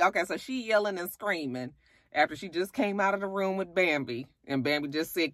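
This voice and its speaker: A woman casually recapping a reality show, chatty, profane and animated. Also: normal speed, dry recording. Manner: animated, profane, chatty, swings into high acted quotes.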